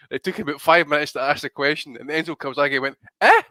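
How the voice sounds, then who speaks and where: Bright-voiced man telling stories. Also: fairly high pitch, fairly quick, dry recording. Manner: animated, profane storyteller. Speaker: podcast co-host. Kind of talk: casual chat.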